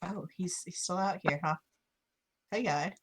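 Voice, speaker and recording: A woman playing a tabletop game, playful and flattering in character. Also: on the low side, a little slow, husky. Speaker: player. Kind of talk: tabletop game chat and role-play.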